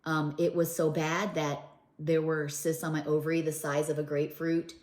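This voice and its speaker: A middle-aged woman recounts her story to camera in an earnest, emotional vlog. Her voice sits a little low, and she often stops and restarts. The room has a noticeable echo. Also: little pitch movement, normal speed, darkish tone. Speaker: vlogger.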